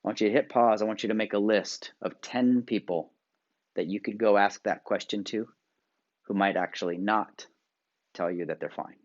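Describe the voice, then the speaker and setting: In a dull, lo-fi recording, a lowish-voiced man from the US speaks at normal speed as a workshop presenter. His motivational video talk coaches viewers through exercises with direct instructions, moving between loud emphasis and quiet asides.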